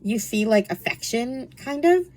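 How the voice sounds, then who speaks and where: A woman's voice: on the high side, expressive, unhurried, a little mellow. A young woman reviewing books in a casual, chatty way, full of fillers and frequent laughter. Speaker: book reviewer. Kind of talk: casual chat.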